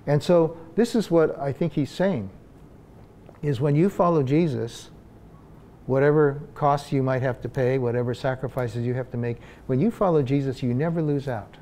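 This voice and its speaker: Mellow-voiced pastor preaching conversationally. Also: male voice, mid-range voice, moderate pace, a little hiss or hum. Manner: conversational preaching with frequent fillers and restarts. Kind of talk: sermon.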